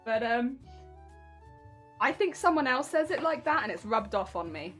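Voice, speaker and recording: A woman's voice: fairly high pitch, sing-song, moderate pace. A woman streaming while she crafts a cosplay, chatting casually, giggling often and reading out her chat. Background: soft background music.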